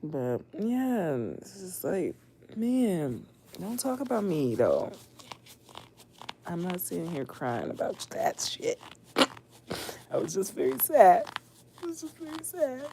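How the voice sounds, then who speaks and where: A mother hosting a casual late-night livestream, expressive and laughing often, swinging between loud outbursts and hushed talk. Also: fairly low pitch, slow, gravelly, pauses often, a little hiss or hum. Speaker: livestream host.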